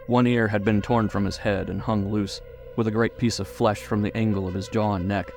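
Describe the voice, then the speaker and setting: A man reading a horror story aloud in a measured, grave storytelling manner. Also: fairly low pitch, gravelly. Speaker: audiobook narrator. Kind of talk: scripted narration of a horror story.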